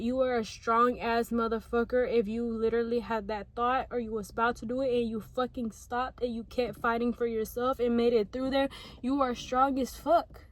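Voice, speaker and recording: A woman's voice: on the high side, level tone, brisk. An eighteen-year-old woman giving an earnest, emotional pep talk to camera from her parked car, swearing freely as she talks. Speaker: vlogger.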